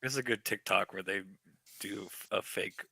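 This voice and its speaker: Joking man with a very bright voice. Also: lowish voice, moderate pace, vocal fry, slightly rough, no room sound. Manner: laughing, joking. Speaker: player. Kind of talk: casual tabletop chat.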